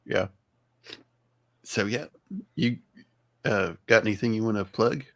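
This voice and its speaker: A man hosting a podcast in casual chat, easygoing and quick to agree. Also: lowish voice. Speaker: podcast host.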